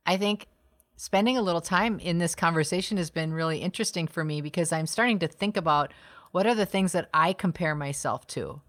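Middle-aged woman podcast co-host, low voice, reflective and chatty, laughs easily. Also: brisk. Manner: reflective, laughs often, restarts sentences. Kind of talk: casual conversation.

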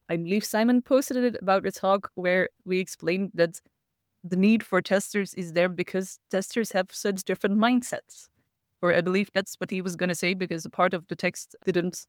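A woman's voice: mid-range voice, dry recording, clean studio sound. A woman hosting a casual livestream talk, chatty and laughing often as she reads the chat. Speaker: host.

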